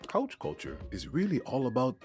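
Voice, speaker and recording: A man voicing an easygoing living couch in a video game, talking in a relaxed, drawling way with chill slang. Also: medium pitch, moderate pace, soft background music. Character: laid-back male living couch, easygoing and mellow.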